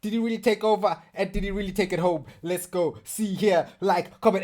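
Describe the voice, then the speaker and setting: Hyped high-voiced male reaction host. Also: fairly even intonation, a little fast, hardly any pauses, darkish tone. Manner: hyped, slangy, talks straight to viewers. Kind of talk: casual reaction commentary.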